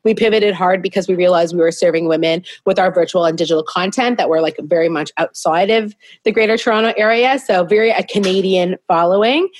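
A woman's voice: fairly low pitch, fairly quick, no room sound. Chatty, candid woman guest. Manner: candid, chatty, self-deprecating. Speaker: guest, business founder. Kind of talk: casual interview storytelling. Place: at home.

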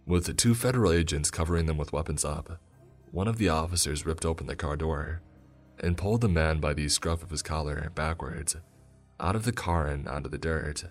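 Very deep-voiced male storyteller. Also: normal speed. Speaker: narrator. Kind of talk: scripted first-person story narration. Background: faint music.

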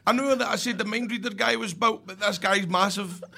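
A Scottish man with an Ayrshire accent co-hosting a podcast in casual chat, excitable, loud and swearing often. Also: high voice, fairly quick, gravelly, husky. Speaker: podcast co-host.

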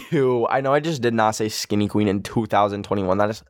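Talking a little fast, a young podcast host with a lowish voice tells an emotional story casually, his speech full of "like" fillers. The sound is clean studio audio without echo.

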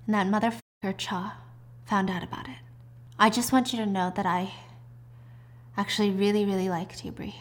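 A woman voicing a wounded man who speaks quietly and subdued as he confesses. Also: medium pitch, steady tone, moderate pace, long pauses, close to an everyday voice. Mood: regretful.

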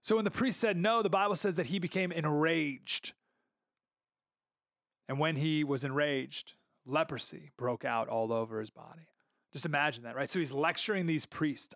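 A man's voice: a little high, moderate pace, gravelly, pauses often, fairly bright tone, no room sound, clean studio sound. A man hosting a podcast, telling a Bible story in an earnest, conversational, sermon-like way. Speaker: podcast host. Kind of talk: casual sermon-style commentary.

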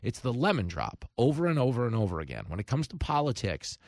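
A man, hosting a talk radio show with animated, sarcastic commentary. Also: medium pitch, fast, gravelly, no echo. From New York.

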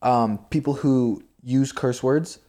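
A man's voice: mid-range voice, slow pace, dark tone. A young man co-hosting a podcast, chatting casually in a sleepy, laid-back way and rambling with many fillers. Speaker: podcast co-host. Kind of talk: casual chat.

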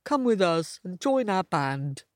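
Storybook donkey, male, pompous and jolly, lower than the woman's own voice, dry close sound. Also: sing-song, a little slow, no echo. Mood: hearty. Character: cheerful boastful male donkey.

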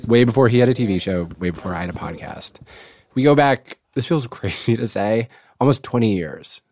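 A man's voice: mid-range voice, brisk, darkish tone, no echo. A man in his forties hosting an explainer podcast, narrating in a wry, playful way. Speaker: podcast host.

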